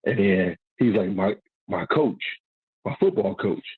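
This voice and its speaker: Caller on a muffled phone line. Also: male voice, lowish voice, measured pace, breathy edge, no room sound. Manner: rambling, animated, swears freely. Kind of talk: casual storytelling on a call-in show.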